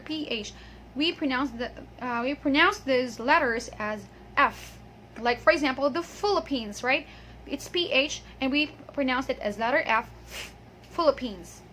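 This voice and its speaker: A high, bright female voice leads a pronunciation lesson. She says model words slowly and carefully and checks in often with "okay". A faint hiss of noise sits under the recording. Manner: patient, drawn-out model words and frequent "okay". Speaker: English pronunciation teacher.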